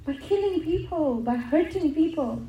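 A woman's voice: high-pitched, expressive, moderate pace, warm tone, reverberant, dull audio, a little hiss or hum. A middle-aged woman giving an earnest religious talk, telling stories and repeating words for emphasis. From England. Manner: earnest storytelling with emphatic repetition. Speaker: religious speaker.

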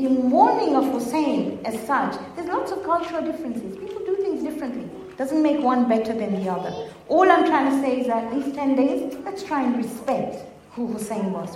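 Woman speaker, conversational religious talk, bright high voice, big echoey hall sound. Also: recorded from a distance, slight background noise. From Gujarati-speaking community. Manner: conversational, asks the audience questions.

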